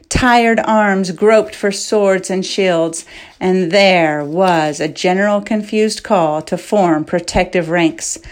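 A woman narrating a fantasy audiobook chapter with measured, dramatic storytelling. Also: on the low side, darkish tone. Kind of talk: scripted narration.

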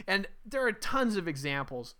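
Man, podcast co-host, lively swooping pitch, bright voice, blunt profane rant. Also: moderate pace. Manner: blunt, profane, animated ranting. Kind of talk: casual movie review chat.

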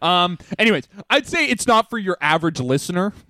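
A young man from Canada co-hosting a casual podcast, telling stories in an animated way and acting out what people said. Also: sits high, brisk, no echo, studio quality. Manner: animated storytelling, acts out quotes, laughs often. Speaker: podcast co-host. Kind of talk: casual chat.

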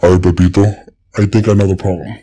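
A man voicing a calm, matter-of-fact male doctor in a comedic joke. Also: sits low, fast talker, voice pushed down.

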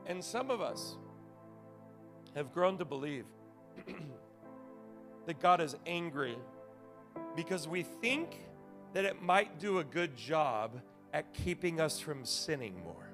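A male pastor preaching a sermon, telling stories with big swings from shouting to hushed asides. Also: a little high, takes it slowly, pauses often, over music. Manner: animated storytelling, swings from shouting to quiet.

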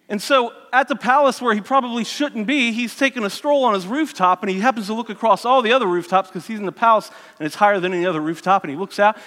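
Animated high-voiced male preacher in a hall. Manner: animated, voices the characters, self-mocking asides. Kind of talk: sermon storytelling.

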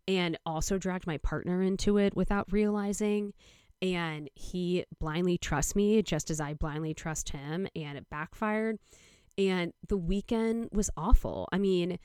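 A woman's voice: lowish voice, a little mellow, clean tone, no room sound, studio quality. A young adult woman hosting a podcast, telling a long story in a rambling way, full of "like" and quoted dialogue. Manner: rambling, heavy use of "like", quoting others. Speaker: podcast host. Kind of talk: casual storytelling monologue.

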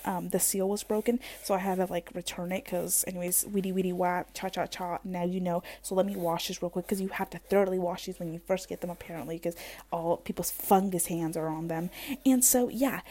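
A young woman with a fairly low, warm voice hosts a podcast, chatting in a loose, rambling way as she moves around her kitchen at home. She speaks into a wired headphone mic.

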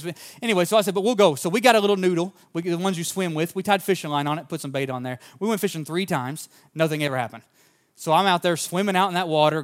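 Guy preaching, kinda high voice, folksy earnest storytelling, just talking to the church. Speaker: pastor. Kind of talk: sermon with personal story.

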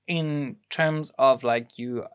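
Slow and smooth at a medium pitch, this young adult co-host of a laid-back film podcast wanders through production trivia. Ums, self-corrections and restarts fill the delivery, as though the facts are being pieced together on the spot.

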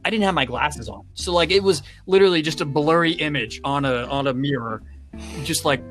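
Deadpan young man telling a story. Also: a little high, brisk, soft background music. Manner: dry, deadpan storytelling with quoted dialogue. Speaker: co-host. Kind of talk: casual storytelling chat.

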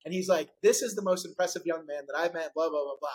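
Animated middle-aged man telling a story. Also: fairly high pitch, quick pace, poor audio. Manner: animated storyteller, acts out quotes. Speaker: podcast host. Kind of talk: casual interview storytelling.

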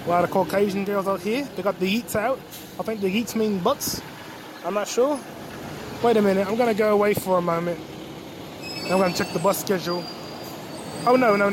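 A man's voice: high-pitched, a little fast, long pauses. A young man hosting a casual vlog outdoors on a city street, rambling and swearing as he jokes to himself. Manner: rambling, profane, joking to himself. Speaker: podcast host. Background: street traffic noise.

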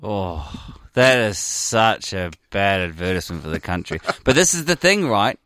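A man's voice: sits low, sing-song, normal speed, fairly bright tone, smooth. A man co-hosting a radio show, trading dry, sardonic, blunt remarks. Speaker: radio co-host. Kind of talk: casual radio banter.

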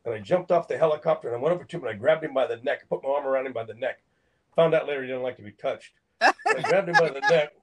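Older guy, lively storyteller who acts out every quote, plain mid-pitched voice. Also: very fast, poor audio. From Phoenix, Arizona, USA. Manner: animated, acts out quotes, laughs between lines. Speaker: actor and guest. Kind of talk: anecdotal storytelling in an interview.

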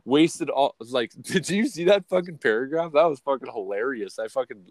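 A podcast host, a man of middling pitch, rants in a rambling, foul-mouthed stream. His voice swings from loud outbursts to low mutters. The sound is dry and close. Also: expressive, normal speed, no room sound. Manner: profane, rambling, swings between loud and quiet. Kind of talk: unfiltered casual rant.

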